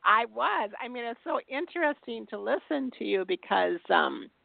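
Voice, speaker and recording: A woman hosting a casual interview, enthusiastic and quick to answer with wows. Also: on the high side, expressive, creaky, no room sound. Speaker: podcast host. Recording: tinny phone-like line, dry.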